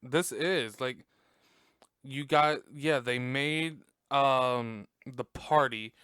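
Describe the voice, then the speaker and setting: A man's voice: medium pitch, drawn-out words, fairly bright tone, clear, resonant tone, no echo. A man hosting a podcast, recapping a movie in casual chat, swearing and laughing often, in a room at home on a close desk mic. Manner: chatty, profane, laughs often. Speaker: podcast host.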